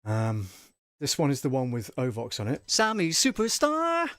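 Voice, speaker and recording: A man with an everyday mid-range voice hosts a relaxed live-stream tutorial, thinking aloud and checking himself as he goes. The sound is dry and close, with no room around it. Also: medium pitch, normal speed, dry recording. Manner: thinking aloud, chatty, with fillers and self-checks. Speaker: audio producer hosting a live stream. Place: home studio.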